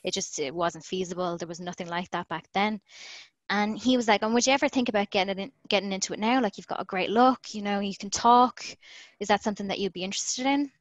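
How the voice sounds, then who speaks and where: A woman's voice: medium pitch, quick pace, dry recording, low-quality recording. Chatty Irish woman telling a story. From Ireland. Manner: chatty, laughs often, acts out quoted lines. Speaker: podcast guest. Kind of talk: casual storytelling in an interview. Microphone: remote call.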